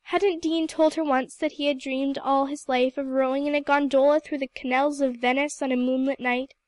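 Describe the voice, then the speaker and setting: A woman narrating a novel in a gentle, even storybook reading. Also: sits high, normal speed, no room sound. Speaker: audiobook reader. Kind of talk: scripted narration.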